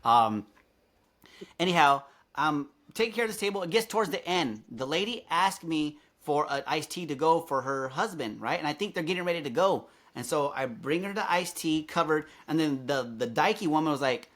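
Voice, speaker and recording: A man's voice: fairly high pitch, fast. A man, a podcast guest, telling a story in casual chat, swearing freely and acting out the people he quotes. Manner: animated, swears freely, acts out quoted lines.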